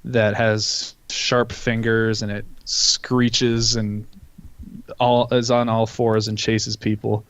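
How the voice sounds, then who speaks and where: A young man co-hosting a casual podcast, telling animated stories and swearing often. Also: lowish voice, slow, clear, resonant tone, lo-fi sound. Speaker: podcast co-host. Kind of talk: casual chat.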